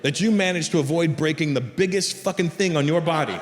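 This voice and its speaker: A man's voice: a little high, brisk, noisy background, close to an everyday voice. A man voicing a blunt, foul-mouthed male doctor who insults his patient. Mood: scolding. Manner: brusque, insulting. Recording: live stage with reverb and crowd.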